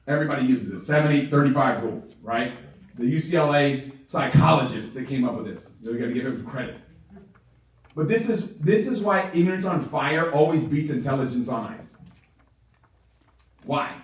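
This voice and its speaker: A man giving a live sales training talk to a group, animated, laughing often and checking in with his listeners. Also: medium pitch, moderate pace. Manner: animated, keeps checking in with the audience; laughs often while talking. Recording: very echoey room, far from the mic.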